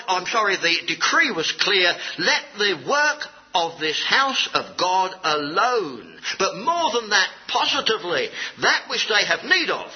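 A man preaching a sermon to a congregation, reading verses aloud, lifting his voice on key words and dropping low at the ends of phrases. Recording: dull, lo-fi recording.

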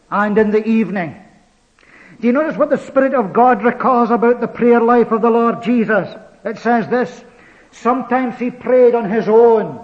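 High-voiced preacher on a dull recording. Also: male voice. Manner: emphatic, repeats key phrases, slows on stressed words. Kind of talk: sermon.

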